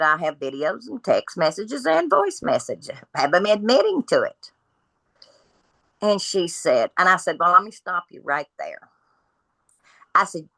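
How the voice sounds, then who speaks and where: A woman tells her story as a podcast guest, speaking bluntly and acting out each person's lines. Her voice sits low and lands with a forceful edge. The sound is dry and close. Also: dry recording, low-quality recording. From Kentucky. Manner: blunt, animated retelling of dialogue.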